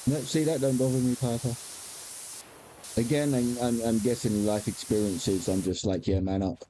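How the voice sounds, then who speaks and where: A man's voice: mid-range voice, steady tone, normal speed, mellow, slight background noise. A man, chatting candidly as a game streamer, rambling with frequent restarts and casual swearing. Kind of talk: casual chat while gaming.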